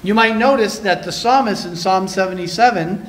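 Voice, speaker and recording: Canadian male pastor, high-pitched, dynamic sermon delivery with scripture reading. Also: normal speed, hardly any pauses. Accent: Canadian English. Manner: preaching with dynamic shifts between loud and soft, reading scripture aloud. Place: church sanctuary.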